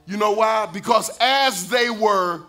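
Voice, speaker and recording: Pastor, male, high bright voice, preaching with call-and-response, rising to shouts and sung lines. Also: slow pace. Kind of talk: sermon.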